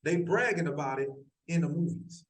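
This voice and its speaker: A man's voice: a little high, lively intonation, moderate pace. Brief: male religious commentator, emphatic and repetitive, distant mic, roomy echo. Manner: emphatic, repeating himself. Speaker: channel host. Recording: echoey room, far from mic.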